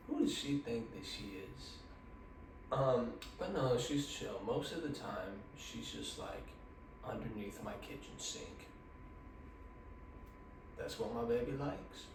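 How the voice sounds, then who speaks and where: A man vlogging casually about life at home, rambling with crude deadpan jokes. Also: mid-range voice. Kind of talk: casual vlog chat. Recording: distant echoey room with noise.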